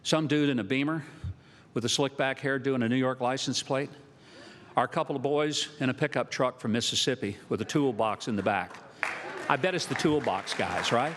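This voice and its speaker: A man's voice: mid-range voice, normal speed, a crowd in the background, background noise. An older man with a Southern American accent giving a humorous, folksy speech to university students, with punchy comic timing. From Southern United States. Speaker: speaker addressing university students. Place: large auditorium. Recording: long reverb of a large hall.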